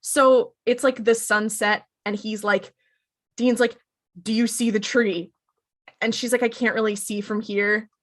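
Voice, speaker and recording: A woman co-hosting a podcast, chatting through an episode recap and quickly acting out the characters' lines. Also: fairly high pitch, fairly even intonation. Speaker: podcast co-host.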